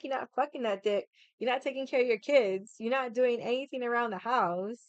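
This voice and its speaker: A woman's voice: a little high, fairly quick, no room sound. A woman vlogger in casual chat, telling a rambling story bluntly and swearing freely.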